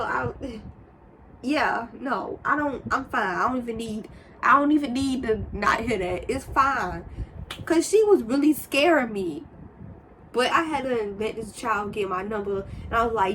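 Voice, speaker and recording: A young woman telling a casual storytime, rambling and animated, with sudden high exclamations. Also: normal speed, a little hiss or hum. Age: young adult. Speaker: storyteller vlogger.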